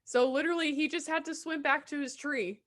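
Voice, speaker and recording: A woman's voice: sits high, fairly even intonation, brisk, a bit bright. A woman co-hosting a podcast in casual chat, telling stories with lots of fillers and silly voices for animals. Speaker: podcast co-host.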